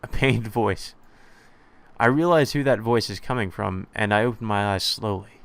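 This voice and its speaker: A man's voice: fairly low pitch, normal speed, gravelly, a bit bright, smooth. A man reading a visual novel aloud, with small stumbles and restarts. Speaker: let's play narrator. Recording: music playing behind.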